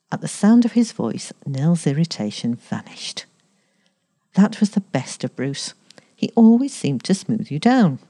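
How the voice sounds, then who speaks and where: Brief: female story reader, low pitch, animated lively intonation. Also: measured pace. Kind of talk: reading a story aloud.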